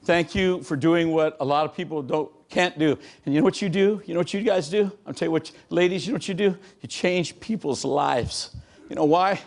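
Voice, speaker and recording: A man giving a motivational keynote talk, telling stories in a punchy, animated way and breaking into shouts and acted-out quotes. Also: fairly high pitch, brisk, gravelly. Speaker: keynote speaker. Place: large hall before a live audience.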